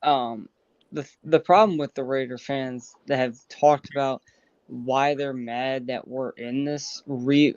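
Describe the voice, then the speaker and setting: A man co-hosting a casual sports talk show, speaking in a measured, hesitant way. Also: medium pitch, darkish tone, dry recording. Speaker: co-host. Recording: dull lo-fi audio.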